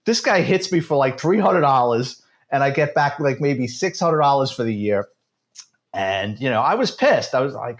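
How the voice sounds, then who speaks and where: New york guy in his fifties, ex-cop spinning sarcastic stories, medium-pitched voice. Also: moderate pace. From United States. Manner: sarcastic, animated storyteller. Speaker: retired police detective, guest. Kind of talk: casual storytelling interview.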